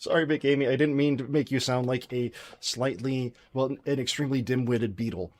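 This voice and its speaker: A man streaming his game development live, thinking aloud as he works and chatting with his viewers in a relaxed, friendly way. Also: medium pitch, brisk. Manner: thinks aloud while coding, mutters to himself; friendly, thanks chat viewers directly. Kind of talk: casual live-stream chat.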